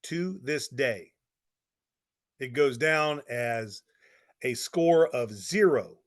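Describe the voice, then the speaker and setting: A middle-aged man telling a motivational story in a folksy, emphatic way, with lots of repetition. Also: medium pitch. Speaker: speaker on network marketing.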